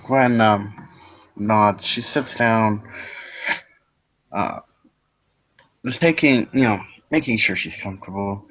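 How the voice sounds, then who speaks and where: A man player in a tabletop role-playing game, describing his character's actions slowly and hesitantly. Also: lowish voice, a bit bright, lo-fi sound. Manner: slow, hesitant with fillers.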